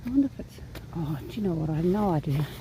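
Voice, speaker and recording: Out on a horse farm, a New Zealand woman films a casual vlog, cooing affectionate baby talk to the horses. Her low voice is expressive and fast, with a noisy background.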